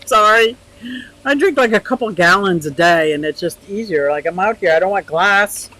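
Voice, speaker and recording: Older woman, livestream host, casual outdoor chat, bright voice, laughs a lot, reads viewer comments. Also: medium pitch, normal speed, low-quality recording. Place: outdoors by a pond.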